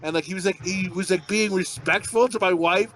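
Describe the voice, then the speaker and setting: A man's voice: high-pitched, brisk, fairly bright tone, a little hiss or hum. A middle-aged man and podcast co-host telling rambling, profane, self-mocking stories in casual chat. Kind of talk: casual storytelling.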